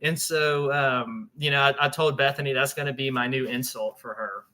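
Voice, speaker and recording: A man's voice: medium pitch, fairly even intonation, moderate pace, sharp tone. A man, hosting a paranormal show and telling a story in a loose, chatty way, often laughing and restarting his sentences. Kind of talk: casual storytelling to an audience.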